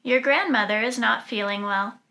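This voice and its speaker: A woman voicing a caring storybook mother giving gentle instructions. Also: on the high side, normal speed.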